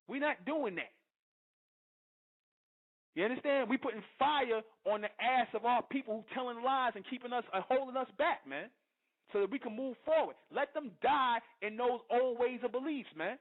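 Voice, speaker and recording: High-voiced male host, hard-hitting sermon-style rant, tinny phone-line sound. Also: measured pace, pauses often. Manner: emphatic, confrontational, keeps asking "you understand?"; profane and repetitive. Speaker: radio show host. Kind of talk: impassioned preaching monologue.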